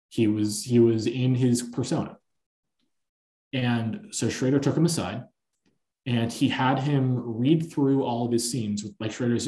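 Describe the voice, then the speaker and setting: A man hosting a podcast, chatting casually about films and telling long, animated anecdotes. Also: medium pitch. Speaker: podcast host. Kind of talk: casual film-discussion chat. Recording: echoey room.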